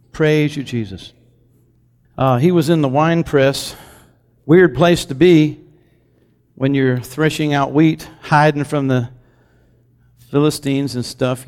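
A man's voice: mid-range voice, darkish tone. A man preaching a sermon in a church, speaking conversationally and often putting questions to his congregation. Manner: conversational storytelling. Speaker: pastor. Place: church sanctuary. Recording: long reverb from a large hall.

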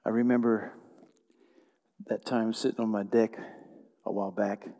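A man's voice: fairly low pitch, little pitch movement, unhurried, mellow. An older man preaching a conversational sermon as pastor, repeating phrases and restarting his sentences. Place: church hall. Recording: long hall reverb.

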